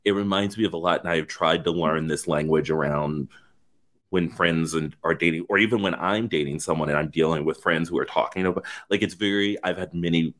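Brief: male podcast co-host, casual and emphatic, deep voice, swears freely. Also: a little fast. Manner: animated, emphatic, profane. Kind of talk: casual chat.

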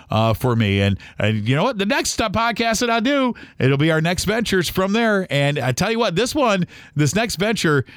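A man's voice: fairly high pitch, dry recording. A man with a slightly raised voice recounts a story on his podcast in a loose, chatty way, full of fillers. He acts out the other people in his story. The sound is dry and close. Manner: conversational, lots of fillers, acts out quoted dialogue. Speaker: podcast host. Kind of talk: casual storytelling monologue.

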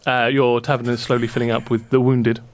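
Narrating as game master for a tabletop game, this man speaks at medium pitch. He's relaxed and halting, leaning on many fillers.

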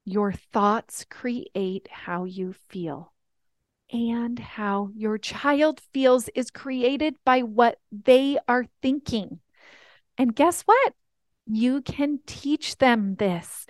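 A woman's voice: a little high, no echo, studio quality. A woman life coach hosting a podcast, telling family stories in an earnest, teaching way. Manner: earnest storytelling, reenacts family talks.

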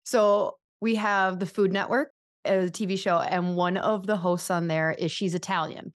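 A woman's voice: on the low side, fairly even intonation, a little slow. An American woman hosting a podcast, chatting in a bubbly, self-deprecating way and leading a short prayer. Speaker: podcast host. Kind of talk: casual podcast chat and spoken prayer.

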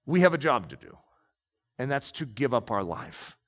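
A man's voice: medium pitch, very animated, normal speed. A man preaching and reading aloud from a book, emphatic and storytelling. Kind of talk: sermon with read-aloud passages. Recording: long echoing reverb.

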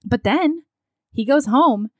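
A woman recapping a film in casual chat, acting out the characters' lines in an animated way. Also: high-pitched, slow, dry recording, clean studio sound. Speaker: podcast co-host recapping a film. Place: her living room.

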